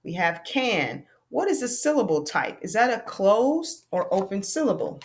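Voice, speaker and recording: A woman teaching a phonics lesson to children, sounding out words slowly and patiently. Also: medium pitch, sing-song.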